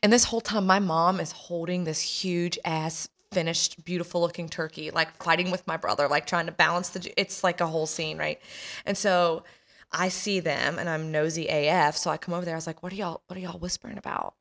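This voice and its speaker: A woman's voice: on the low side, fairly even intonation, brisk, fairly bright tone. A woman in her thirties casually telling a personal story as a podcast host, chatty and laughing, acting out the voices of family members.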